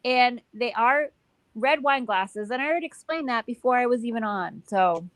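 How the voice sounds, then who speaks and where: A woman's voice: a little high, lively intonation, moderate pace, no room sound. A woman, a guest on a stream, defending herself indignantly and swearing. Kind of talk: casual defensive chat.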